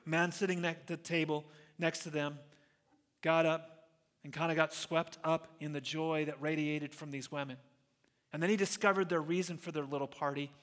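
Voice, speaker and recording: Earnest preacher, slightly high voice, echoing hall. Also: male voice, fairly bright tone. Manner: earnest storytelling, slows down to stress key phrases. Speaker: pastor. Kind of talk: sermon. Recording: long reverb of a large hall.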